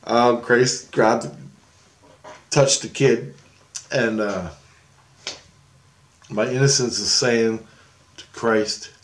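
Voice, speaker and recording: Rambling middle-pitched man telling a story. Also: steady tone, drawn-out words, pauses often. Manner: meandering, full of restarts and frequent laughter. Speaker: paranormal vlogger.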